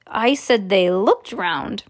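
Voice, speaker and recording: A woman voicing an eccentric, impatient male chocolatier in a storybook read-aloud, with a sharp, bossy, theatrical manner. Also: sits high, lively intonation, slow pace, exaggerated voice. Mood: snappish.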